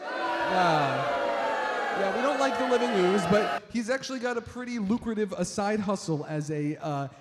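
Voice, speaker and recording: A man's voice: high voice, animated, moderate pace. Rambling stand-up comic man. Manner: rambling, filler-heavy, addresses audience as folks. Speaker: stand-up comedian. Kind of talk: stand-up comedy set. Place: stage before a live audience. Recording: reverberant hall with crowd and noise.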